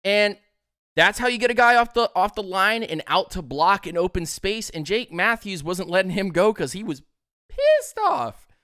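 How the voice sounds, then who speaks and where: Lively, excitable man talking sports. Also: high voice, moderate pace, smooth, no echo, clean studio sound. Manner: excitable, breaks into laughter, acts out players in quotes. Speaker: sports podcast host. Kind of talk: animated sports commentary.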